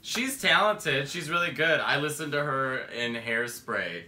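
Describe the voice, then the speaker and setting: A male comedian guesting on a podcast in casual chat, dry and quick-witted. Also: fairly high pitch, expressive, sharp tone. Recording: echoey room.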